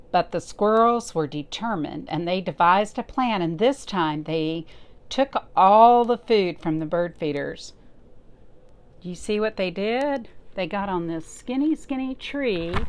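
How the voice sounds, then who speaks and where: A woman librarian reading a picture book aloud to children, pausing often to point things out and ask them questions. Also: lowish voice, clear, resonant tone. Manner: slow, expressive, pausing to talk to young listeners.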